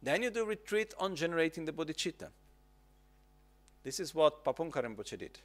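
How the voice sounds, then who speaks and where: Calm guy teaching meditation, kinda high voice, keeps asking "okay?". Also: fairly quick. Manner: calm, repetitive instructive phrasing, checks in with "okay?". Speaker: Buddhist teacher. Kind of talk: dharma teaching on retreat.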